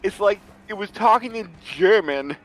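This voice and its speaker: A man's voice: high voice, expressive, moderate pace, a bit bright. A man chatting casually and rambling about a game. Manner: rambling, many fillers. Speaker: gameplay co-host. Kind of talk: casual gaming chat.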